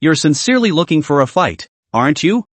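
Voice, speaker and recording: A cold, defiant young woman student in a comic recap, read by a man, firm and clipped. Her lines swing widely in pitch over a dry, close sound. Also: sing-song, a little fast, no echo.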